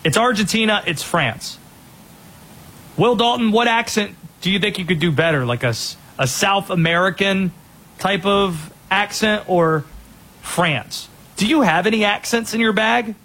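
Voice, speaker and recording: A man hosting a sports talk show, giving energetic, opinionated rundowns of players and teams. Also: high voice, unhurried, slightly rough.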